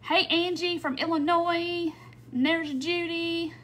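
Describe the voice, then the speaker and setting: Woman with a high, bright voice, hosting a craft livestream; casual and chatty, greets everyone by name. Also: level tone, takes it slowly, slight background noise. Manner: chatty, warm welcomes, frequent little laughs and "um"s.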